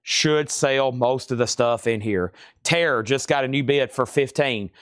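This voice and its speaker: A man hosting a live online vinyl record sale, calling out titles, prices and bids in quick patter. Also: medium pitch, a bit bright, dry recording, clean studio sound. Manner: rapid-fire auctioneer patter, hums tunes. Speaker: host. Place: record shop.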